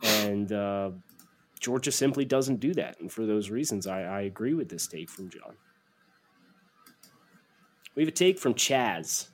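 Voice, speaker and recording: A man's voice: on the low side, lively intonation, measured pace, long pauses. A man co-hosting a casual sports podcast, reading listener takes and teasing his partner. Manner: teasing, joking. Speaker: podcast co-host.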